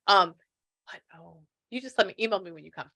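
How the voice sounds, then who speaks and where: A woman's voice: medium pitch, brisk, sharp tone. A woman, a spiritual medium chatting through a reading and relaying messages with lots of quoted asides. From Texas. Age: 60s.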